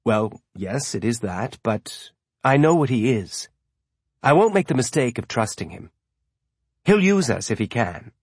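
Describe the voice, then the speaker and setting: A man's voice: mid-range voice, very animated, breathy edge, dry recording, studio quality, heavily acted. A man voicing a resolute, pragmatic woman ship captain who speaks firmly and plainly. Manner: firm, measured, plain-spoken.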